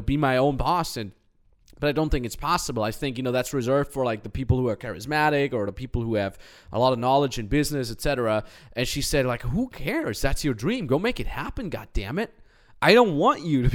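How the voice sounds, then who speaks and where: A young man co-hosting a podcast, chatting casually and telling motivational stories, jumping into mocking voices when he quotes people. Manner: animated storyteller, jumps into high mocking voices when quoting. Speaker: podcast co-host.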